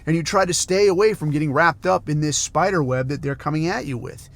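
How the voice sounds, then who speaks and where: A man's voice: fairly high pitch, fairly quick, gravelly. A man from the United States, hosting a podcast and ranting in a heated, profane, sarcastic way. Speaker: podcast host.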